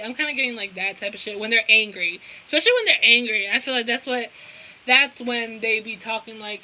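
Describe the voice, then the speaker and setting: Young woman doing a chill tarot reading, swears a lot, giggly, super bright voice. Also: a little high, fairly even intonation, normal speed, slight background noise, low-quality recording. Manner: rambling, profane, slangy, frequent giggling fits. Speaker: tarot reader. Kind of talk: casual tarot reading to camera.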